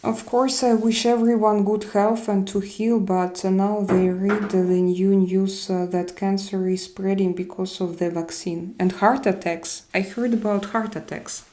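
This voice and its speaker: A woman's voice: mid-range voice, steady tone, measured pace, hardly any pauses, warm tone. A woman from Russia with a Russian accent, hosting a casual live stream and answering viewers' comments as she switches between languages. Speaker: live-stream host reading chat.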